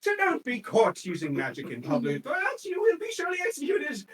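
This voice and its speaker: A game master voicing a brash male stand-up comedian in a tabletop game, telling crude jokes loudly and stretching out the punchlines. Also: high-pitched, wildly swooping pitch, pitched above the performer's own voice, heavily acted. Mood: shouting. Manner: loud crude joke-telling, drawn-out punchlines. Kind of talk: tabletop game role-play. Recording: distant mic, faint noise.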